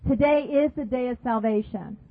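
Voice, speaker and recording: A woman's voice: on the high side, normal speed. A woman preaching a sermon emphatically, repeating phrases and asking her listeners questions. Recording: dry, phone-like narrow sound.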